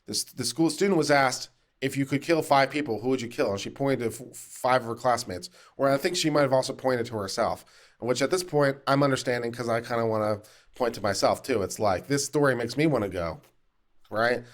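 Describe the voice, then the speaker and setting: A man hosting a legal commentary show, reading a news article aloud and adding dry, sarcastic remarks along the way. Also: medium pitch.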